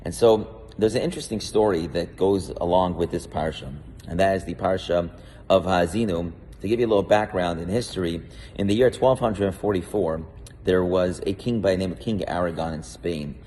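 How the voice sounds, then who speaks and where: A man's voice: sits low, a little mellow, in a large hall, slight background noise. A man, a rabbi, giving a weekly Torah portion talk in a storytelling way, with frequent restarts and fillers.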